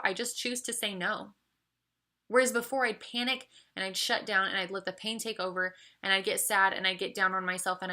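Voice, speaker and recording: In an earnest motivational talk, a young business coach speaks to her audience in a bright, forceful, medium-pitched voice. She fires off one question after another, with plenty of fillers along the way.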